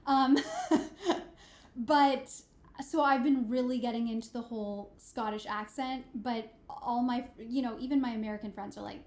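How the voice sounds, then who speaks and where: A woman's voice: a little high, fairly even intonation, measured pace, darkish tone, roomy sound. A cheerful, giggly woman, a voice actor, chatting and asking questions on a couch during a livestream. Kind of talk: casual chat on a livestream. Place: on a couch indoors. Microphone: camera or phone on a livestream.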